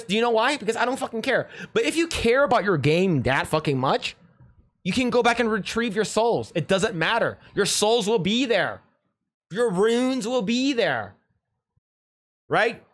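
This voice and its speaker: A man's voice: sits high, animated, moderate pace, a bit bright, dry recording. A man chats loosely to his livestream audience, restarting sentences and repeating words as he goes. He reads viewer comments aloud and reacts in a plain, everyday voice. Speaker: livestream host.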